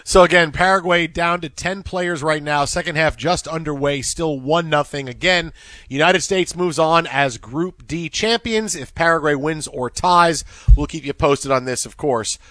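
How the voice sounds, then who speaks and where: A man hosting a sports radio show, telling stories in a quick, animated way. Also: a little high, no echo. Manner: animated storytelling, quick asides. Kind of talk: casual sports radio chat.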